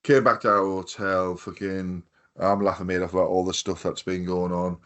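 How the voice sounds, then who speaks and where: A man's voice: sits low, flat delivery, normal speed, fairly bright tone. A man in his fifties chatting casually on a podcast, telling rambling anecdotes full of swearing and quoted voices. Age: 50s. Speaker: podcast co-host. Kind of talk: casual chat, storytelling.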